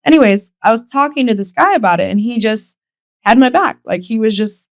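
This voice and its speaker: A woman's voice: fairly high pitch, expressive, brisk, no echo. A young woman hosting a solo podcast, telling personal stories candidly and emotionally, swearing freely and acting out quotes. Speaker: podcast host. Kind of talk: casual solo podcast storytelling.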